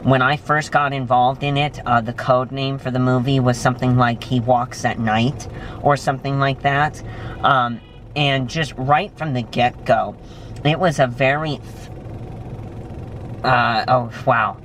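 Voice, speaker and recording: A young man in a restaurant, chatting casually and telling stories with lively excitement. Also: unhurried, a little hiss or hum. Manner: animated storytelling, jumps high when excited. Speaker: vlogger. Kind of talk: casual chat. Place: restaurant, indoors.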